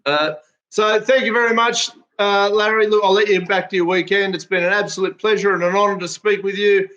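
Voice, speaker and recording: A man with an Australian accent hosting a casual interview, friendly and halting with many fillers. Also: high-pitched, steady tone, bright, forceful tone, muffled recording. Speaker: podcast host.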